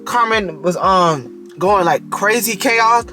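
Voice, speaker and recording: A man's voice: high voice, lively intonation, slow pace, pushed and bright, soft background music. A man casually reviewing a TV show in a video, talking straight to the characters and often breaking into giggles.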